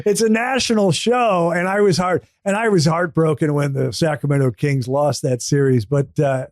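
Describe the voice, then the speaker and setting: A man hosting a talk show, chatting casually and reading ads with deadpan humor. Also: fairly high pitch, normal speed, no echo, clean studio sound. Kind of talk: casual chat and ad read.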